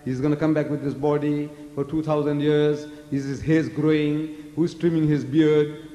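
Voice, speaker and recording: Older man, from South Africa, public lecturer, emphatic rhetorical questions, fairly high mellow voice, long hall echo. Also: little pitch movement, moderate pace, highs cut off. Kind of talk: lecture with audience Q&A. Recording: echoey hall.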